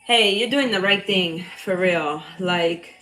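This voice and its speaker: A young woman with a slight Bronx accent who is a cycle coach, chatting casually on a livestream. Her voice is loud and a bit nasal, and she talks bluntly, swears freely and laughs often. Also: fairly low pitch, slow, soft background music, rough recording. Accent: slight Bronx New York.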